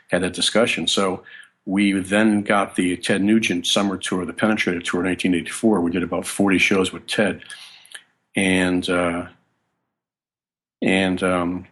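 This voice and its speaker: In a laid-back interview, the guest bassist, a man whose voice is a touch bright, wanders through his anecdotes, often cutting himself off and beginning again.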